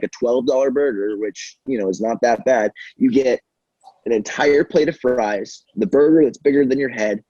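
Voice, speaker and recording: A man's voice: mid-range voice, dark tone, breathy edge, no room sound, lo-fi sound. A young man telling stories in a casual podcast chat, rambling and profane with many fillers. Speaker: podcast guest.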